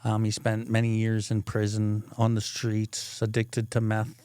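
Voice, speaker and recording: A man's voice: fairly low pitch, monotone, unhurried, dark tone, clean tone, dry recording. A man hosting a podcast, asking open interview questions and giving supportive "mm-hmm" backchannels. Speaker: podcast host.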